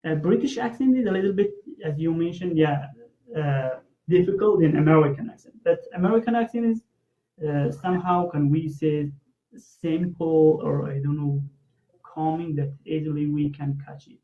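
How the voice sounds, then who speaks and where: A man's voice: on the high side, normal speed. Hesitant man on a tinny line. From Afghanistan. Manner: hesitant, many fillers. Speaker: interview host. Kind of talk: interview questions.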